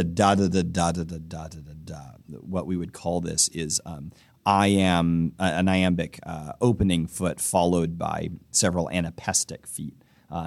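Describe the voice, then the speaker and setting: A man's voice: low-pitched, gravelly, no room sound. A man hosting a podcast, reading a poem aloud and then talking through its form in a thoughtful way, with frequent ums and uhs. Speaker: podcast host. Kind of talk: poetry reading and analysis.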